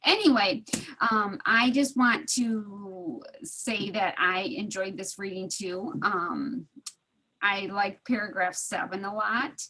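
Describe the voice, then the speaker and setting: A woman's voice: mid-range voice, takes it slowly, pushed and bright. A middle-aged woman chatting casually on a video call, laughing often and acting out the voices in a story. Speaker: study group participant. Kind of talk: casual storytelling in an online group.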